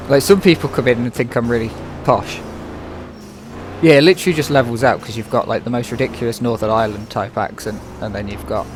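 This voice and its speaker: A young English man streaming a game, chatting in a rambling way and pronouncing his words carefully, on a headset mic. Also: mid-range voice. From England. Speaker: gaming streamer. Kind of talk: casual chat while playing a game. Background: game music.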